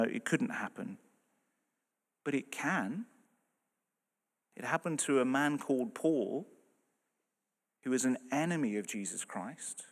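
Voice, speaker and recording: A man delivers a sermon with earnest emphasis, his voice rising and dropping in loudness to drive his points home. His voice sits at an ordinary middle pitch. The sound carries a long reverb, as if from a large church hall. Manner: earnest, emphatic, swings between loud and soft. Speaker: preacher.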